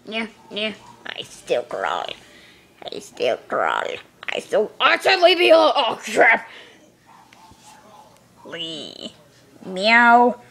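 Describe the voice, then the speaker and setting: A high, squeaky house cat, as voiced by a woman, that yelps and grumbles at anything bothering it. The voice climbs and swoops all over and the words come out unhurried. It is a playful home-video voiceover for a pet. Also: vocal fry, full character voice. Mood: grumbling. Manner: squeaky, excitable, indignant cartoonish cat voice. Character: scared, grumpy house cat voiced by its owner.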